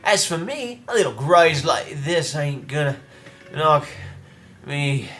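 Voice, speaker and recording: A man's voice: a little high, expressive, takes it slowly, a bit bright, soft background music. A man voicing a brash, cocky young woman thief in a video game, teasing and tough-talking.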